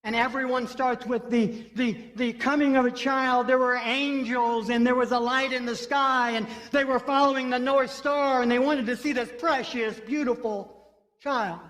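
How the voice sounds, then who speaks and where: A man's voice: extremely high pitch, fairly even intonation, normal speed, fairly bright tone. A man preaching a sermon as pastor, telling a story and repeating phrases for emphasis. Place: church sanctuary. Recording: long hall reverb.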